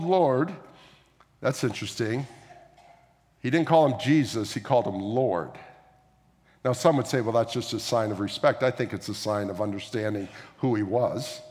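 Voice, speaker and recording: A man preaching a sermon as a pastor, talking through scripture in a conversational way, with frequent asides and questions to the listeners. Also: mid-range voice. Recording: long hall reverb.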